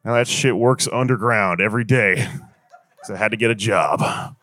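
A man's voice: fairly low pitch, normal speed, bright, forceful tone, no echo. A young man doing a stand-up comedy set, rambling and swearing through an exasperated rant on a handheld stage mic.

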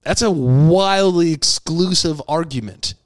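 A man's voice: fairly high pitch, takes it slowly, no room sound, clean studio sound. Playful, profane male comedy podcast host. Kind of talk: improvised comic singing and rambling chat.

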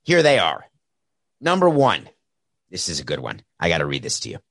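A man's voice: low voice, wildly swooping pitch, moderate pace, a bit bright, no echo. A man hosting a solo sports talk show, rambling and sarcastic with jokey asides, speaking into a headset mic. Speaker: sports podcast host. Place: home studio set with camera and soundboard. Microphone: headset mic with earpiece.

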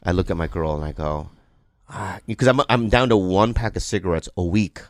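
Guy on a podcast telling a story, pitch jumps all over, acts out the other people, dry close mic. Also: a little fast, no room sound. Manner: animated, acts out the people in his stories. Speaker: podcast guest. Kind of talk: casual storytelling chat.

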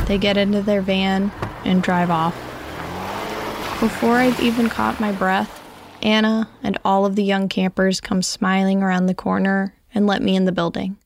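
Brief: woman narrating her story, reflective, evenly read, gravelly fry at phrase ends. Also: mid-range voice, darkish tone, no room sound. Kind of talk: scripted first-person story narration.

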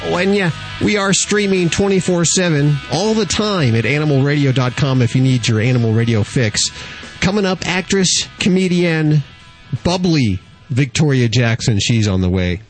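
A man hosting a pet call-in radio show, speaking in a relaxed, conversational way into a studio microphone. His voice sits a little high for a man. A faint music bed plays underneath. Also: normal speed.

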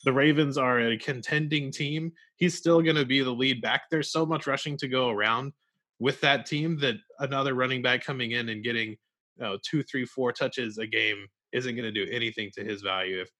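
A man's voice: mid-range voice, steady tone, normal speed, bright, forceful tone. Confident man giving football opinions. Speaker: podcast co-host. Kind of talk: casual fantasy football chat.

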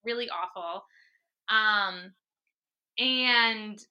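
A young adult woman talking as a podcast guest, telling her story in a lively, laughing way. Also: mid-range voice, extremely slow, lo-fi sound. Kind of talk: casual interview chat.

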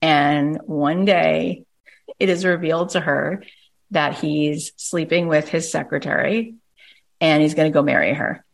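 Woman host-coach, middle-aged, low-ish voice, animated and emphatic when telling stories. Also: measured pace, gravelly. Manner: animated storyteller, emphatic, uses "like" often. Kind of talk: coaching conversation, storytelling.

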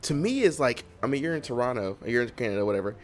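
A man hosting a podcast, chatting casually and reacting with expressive exclamations. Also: mid-range voice, fast talker, soft background music. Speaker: podcast host. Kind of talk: casual interview chat.

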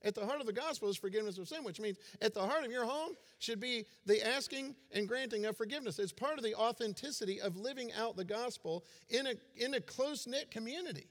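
A man's voice: very high-pitched, fast talker, few pauses. A man in his forties giving a sermon as a pastor, conversational and self-deprecating in his humor. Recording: long hall reverb.

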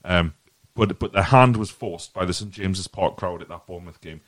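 This deep-voiced man hosts a football podcast, speaking at a moderate pace with a slightly bright tone. The recording is dry, and his earnest take wanders, with words frequently repeated, in casual football chat.

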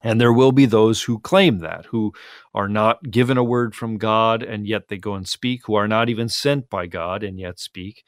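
A man, a pastor, giving earnest, teacherly Bible commentary on a talk show, acting out scripture quotes in lively voices. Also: fairly low pitch, no room sound, studio quality.

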